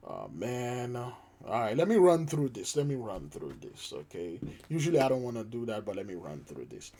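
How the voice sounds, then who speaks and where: A man's voice: mid-range voice, big pitch swings, normal speed, mellow. A man hosting his own channel, giving casual spiritual commentary on the news in a rambling, emphatic way that repeats his points. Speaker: channel host.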